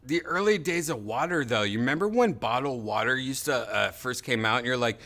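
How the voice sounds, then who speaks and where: A man's voice: mid-range voice, a little fast, few pauses, bright, forceful tone. A man hosting a podcast, in loose casual chat with rambling, laughing riffs. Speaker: podcast host.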